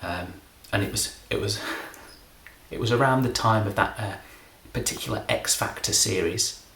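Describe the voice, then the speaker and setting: A middle-aged man from England, a comedy magician, rambling through a deadpan, self-deprecating monologue. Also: lowish voice, moderate pace, echoey room.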